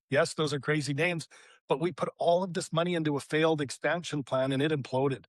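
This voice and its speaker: A middle-aged man with a Canadian accent, a podcast guest telling his life story in an animated, storytelling way. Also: fairly high pitch, brisk, dry recording. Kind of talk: storytelling interview.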